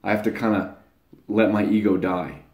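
A young channel host gives a casual monologue to camera in an echoey room, his voice fairly low, steady, and a little mellow at a moderate pace. He talks to his viewers bluntly and ramblingly, using crude slang.

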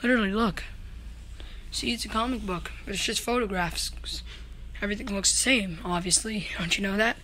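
A woman voicing an excitable teddy bear in a homemade comic video, rambling and goofy, with whoops and lots of fillers. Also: medium pitch, a little fast, a little hiss or hum, lightly acted. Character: excitable teddy bear hopping between dimensions.

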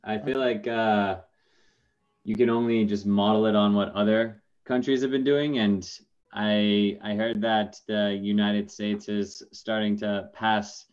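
A man talking calmly as a guest in a casual video call chat, with dull lo-fi call audio. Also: lowish voice, a little slow, smooth.

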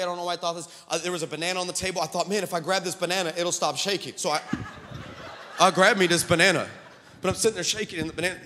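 A man preaching a sermon to his congregation, telling stories with animated humor and jokes. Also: high voice, in a large hall, slight background noise. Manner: animated storytelling, joking with the congregation. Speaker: pastor. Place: church sanctuary.

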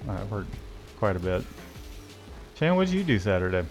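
A man's voice: lowish voice, sing-song, moderate pace, faint music behind. A man co-hosting a casual livestream, joking and greeting viewers by name. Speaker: livestream co-host.

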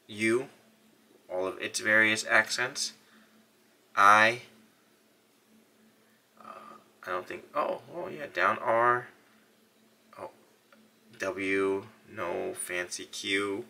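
A man hosting a casual phone tutorial, upbeat and energetic, talking while he demonstrates on a phone. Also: fairly low pitch, very slow, gravelly, pauses often. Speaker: tech vlogger.

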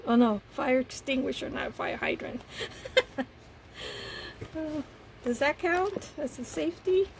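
A woman casually commenting as she unboxes craft gifts, softly gushing over each piece. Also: high voice, very animated, moderate pace, gravelly, a little hiss or hum, low-quality recording. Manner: gushing, soft-spoken, admiring each item. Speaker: paper craft vlogger.

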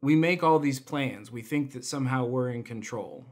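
A young adult man with a mid-range voice speaks at a normal speed as he gives his testimony in a church's online service. The volunteer speaker mixes laughter into stories that tease himself.

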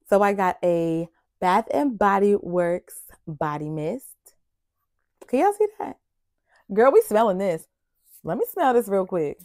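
Chatty young woman, slow and dry. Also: fairly low pitch, no room sound. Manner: chatty and excitable, addresses viewers directly. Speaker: vlogger unboxing gifts. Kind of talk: casual unboxing chat. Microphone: external mic on camera.

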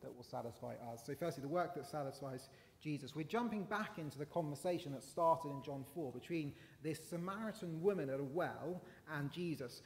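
Man preaching in a reverberant church. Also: on the high side. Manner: conversational preaching with fillers. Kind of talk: sermon. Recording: long church hall reverb.

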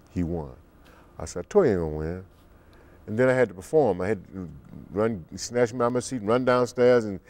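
Older man, low voice, storyteller, unhurried, acts out quotes, interview guest. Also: darkish tone. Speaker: musician guest.

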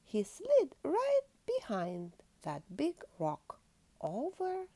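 A woman's voice: sits high, wildly swooping pitch, very slow, warm tone, dry recording, voice pushed up, exaggerated voice. Woman doing a chirpy little puffin. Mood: reassuring. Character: helpful little puffin bird.

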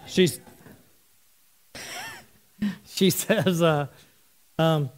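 High-voiced pastor telling a family story. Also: male voice, measured pace, long pauses. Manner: storytelling, conversational with the congregation. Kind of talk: sermon.

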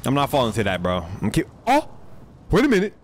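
An animated young man giving live reaction commentary, his pitch leaping all over as he goes from hushed mutters to sudden yelps. He talks in loose slang and gets excitable and loud at the big moments. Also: fast, a little hiss or hum. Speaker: streamer reacting to anime.

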